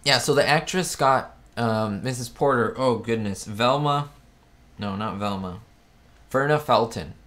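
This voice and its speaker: A man's voice: medium pitch, unhurried, a bit bright. A man hosting a live chat stream, talking casually in a rambling way, often stopping to correct himself. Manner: rambling, chatty, self-correcting. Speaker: host of a live chat show. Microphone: webcam setup.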